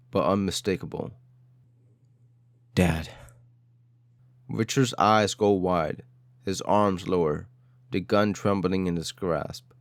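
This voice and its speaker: A man's voice: low-pitched, dry recording. A man narrating an audio story in a dramatic style, with short, clipped phrases.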